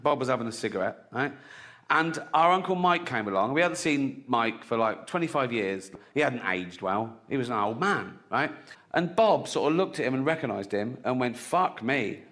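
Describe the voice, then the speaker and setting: A man's voice: mid-range voice, animated, moderate pace, a bit bright. A man from Reading with an English accent performing a stand-up routine, telling crude stories in a blunt, chatty way and often checking in with "right?". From Reading, England. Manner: blunt, crude, conversational storytelling with frequent "right?". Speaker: stand-up comedian. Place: large theatre before a live audience. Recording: reverberant live theatre with crowd laughter.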